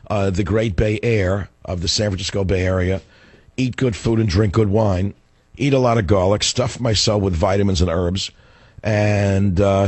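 A middle-aged man hosting a radio talk show, hoarse as his voice gives out, ranting in a fiery, combative way. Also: lowish voice, a little mellow, no room sound. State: hoarse, voice going.

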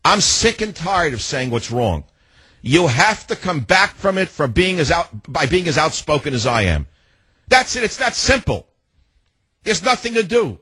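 An older man hosting a call-in radio talk show, combative and ranting, now and then rising to shouts. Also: on the high side, big pitch swings, moderate pace, slightly rough, no room sound, poor audio.

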